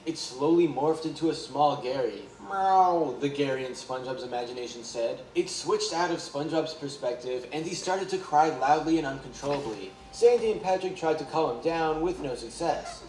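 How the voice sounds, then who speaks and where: Reading a creepy story aloud in a steady, flat voice, a man with a somewhat high pitch sits far from the mic in an echoey room, with noise running underneath. He keeps a normal speed and pauses little.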